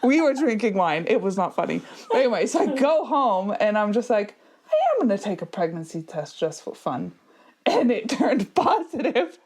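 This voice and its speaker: A thirtysomething woman co-hosts a podcast, swapping stories in relaxed conversation. She's lively, laughs a lot, and tosses in quick asides, speaking at a medium pitch.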